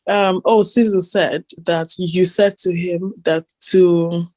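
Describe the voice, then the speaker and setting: A woman's voice: on the low side, fairly even intonation, slow pace, a little mellow. A woman co-hosting a casual chat, giggly and hesitant, often searching for her words. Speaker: podcast co-host.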